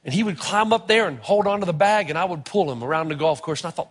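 A middle-aged man preaching a sermon, telling stories with animated, sometimes shouted emphasis. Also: high voice, fast talker, husky. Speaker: pastor. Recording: long reverb of a large hall.

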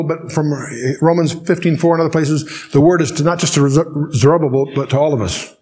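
An older man leads a verse-by-verse Bible study in front of a live audience. His voice sits a little high for a man. He reads scripture slowly and deliberately, then moves into plain explanation with dry, wry asides. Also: fairly even intonation, mellow. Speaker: Bible teacher.

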